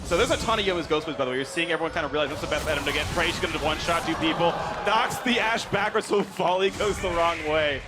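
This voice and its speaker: A man casting a live esports match, joking and rising to shouts on big plays. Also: on the high side, quick pace, few pauses, very noisy. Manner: excitable, jokey, rises to shouts on big plays. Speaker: esports caster. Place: broadcast studio.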